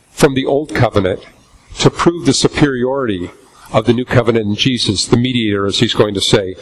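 A man preaching a sermon in a church, reading scripture aloud and slowing down for emphasis. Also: mid-range voice, breathy edge, low-quality recording. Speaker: pastor.

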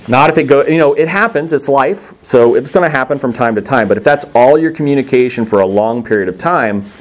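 A middle-aged man from Texas preaching a sermon in a conversational, storytelling way, acting out the voices he quotes. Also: mid-range voice.

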